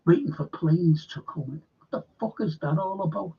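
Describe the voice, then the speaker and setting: An older man with a Liverpool accent, rambling bluntly and swearing as he hosts a live football chat. His voice is husky and sits a little high. The stream audio sounds dull and lo-fi. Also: moderate pace. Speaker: host.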